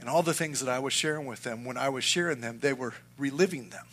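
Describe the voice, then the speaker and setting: A middle-aged man preaching a sermon and telling a personal story, earnest and moving between loud and hushed. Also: medium pitch, quick pace. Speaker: pastor.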